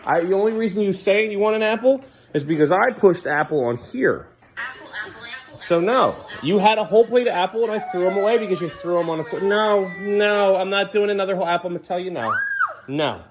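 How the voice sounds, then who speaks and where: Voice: mid-range voice, expressive, fairly quick. A parent filming a casual home vlog indoors, speaking firmly but patiently to two young children and venting to the camera in between. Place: indoors at home, bathroom area.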